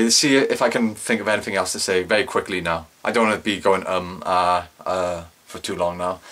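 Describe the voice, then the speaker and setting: A man's voice: fairly low pitch, a bit bright. Rambling young man reviewing a TV show. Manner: rambling, self-correcting, exaggerated cringing asides. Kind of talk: casual solo review monologue.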